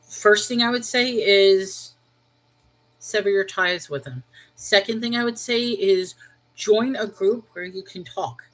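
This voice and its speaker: A middle-aged woman hosting a casual livestream, chatting with viewers, laughing often, and slowing down to give earnest spiritual advice. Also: mid-range voice, fairly bright tone, low-quality recording. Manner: earnest and slow when giving spiritual advice. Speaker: host of a Bible livestream.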